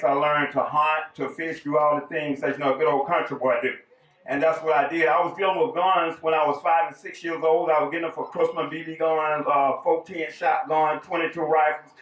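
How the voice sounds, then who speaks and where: A man's voice: on the high side, fairly bright tone. A man with a Southern US accent, raised in the South and born in New York, giving a bold, folksy campaign speech with jokes. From raised in the American South, born in New York. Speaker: political candidate giving a speech. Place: public event hall. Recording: echoey room, voice from far off.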